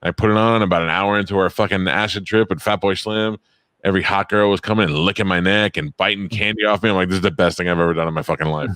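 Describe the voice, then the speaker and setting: A middle-aged man with a very low voice rattles through crude stories at speed. He co-hosts a casual chat. The recording is dry and close. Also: fairly even intonation, fairly bright tone, dry recording. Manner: fast, crude storytelling. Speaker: co-host.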